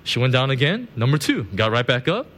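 A male pastor giving a loose, conversational sermon, his pitch swinging up and down as he talks. He keeps tagging on "right?" and "you know", and chuckles at his own stories. A faint hum of room ambience sits behind him. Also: sing-song, fairly quick, fairly bright tone. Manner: chatty, constant "right?" and "you know" asides.

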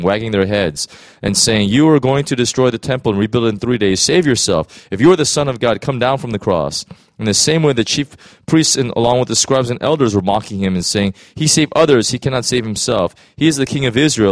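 A man's voice: lowish voice, dry recording. A man reading scripture aloud straight through, correcting misread words as he goes.

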